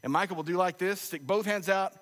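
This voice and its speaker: A slightly high-voiced man in his thirties preaches a sermon. He talks in a conversational, humorous storytelling way, and his voice rings with the long echo of a large church hall. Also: a little fast, fairly bright tone. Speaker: pastor. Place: church sanctuary.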